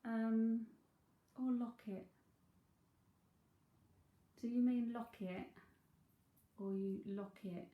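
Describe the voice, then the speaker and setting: Woman, Cockney accent, psychic medium, chatty, laughs a lot, fairly high voice, echoey room. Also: fairly even intonation, slow pace, dark tone. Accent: London Cockney. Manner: chatty, laughs often, thinks aloud. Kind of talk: live mediumship reading. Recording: roomy echo.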